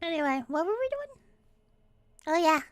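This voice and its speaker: Giggly high-voiced woman streamer. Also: very animated, moderate pace, dry recording. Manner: giggly, profane, rambling. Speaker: VTuber streamer. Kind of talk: casual chat stream.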